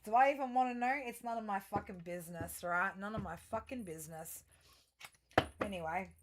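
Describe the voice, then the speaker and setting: A woman's voice: medium pitch, brisk, very noisy. A woman giving a casual tarot and astrology reading, talking straight to her viewers in a rambling, profane, chatty way, full of fillers and restarts. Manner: chatty, self-interrupting, frequent fillers.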